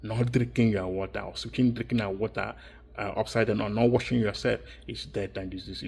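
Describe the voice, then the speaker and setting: A man's voice: fairly low pitch, steady tone, brisk, vocal fry, darkish tone, a little hiss or hum. A man giving a rambling, insistent monologue, repeating and restarting his phrases as he circles his points. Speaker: vlogger.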